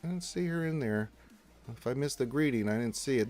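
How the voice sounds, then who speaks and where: A man's voice: medium pitch, animated, brisk, fairly bright tone. A man hosting a casual gaming livestream, reading out chat messages in a chatty way, with frequent laughs and fillers. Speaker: livestream host.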